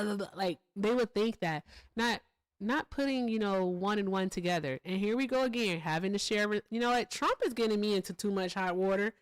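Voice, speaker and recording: A woman hosting a commentary stream, talking to her viewers in an animated, sarcastic way. Her voice is close and dry with no room sound, and her pitch sits in the middle. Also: smooth, no echo. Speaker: host. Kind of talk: political commentary livestream.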